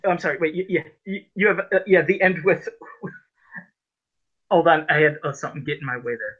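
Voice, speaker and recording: A man's voice: a little high, moderate pace, breathy edge. A man co-hosting a casual podcast, recapping a comic in a rambling, exasperated way with lots of fillers. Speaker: podcast co-host reviewing comics. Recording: dull lo-fi sound.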